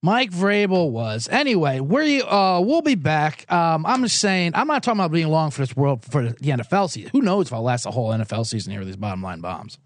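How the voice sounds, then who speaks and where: A man hosting a sports betting podcast alone in a small recording booth, rambling comically, loud and excitable, swinging from shouting to mumbling. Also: fairly high pitch, fast, few pauses, no room sound. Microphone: studio microphone.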